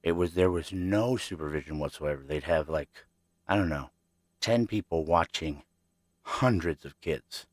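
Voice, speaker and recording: Deep-voiced man telling stories casually. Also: a little slow, no echo, studio quality. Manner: rambling, chatty, addresses listeners directly. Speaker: podcast host. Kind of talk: casual storytelling.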